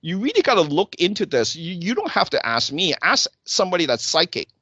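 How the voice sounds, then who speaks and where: Talk show guy, kinda high voice, acts out the back and forth, dry muffled sound. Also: fairly quick, no echo. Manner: animated storytelling, acting out quoted exchanges. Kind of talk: casual chat.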